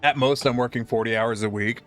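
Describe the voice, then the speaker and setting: A man's voice: medium pitch, fairly even intonation, a little fast, a bit bright, soft background music. A man streaming live, telling a profane, exasperated story in casual chat.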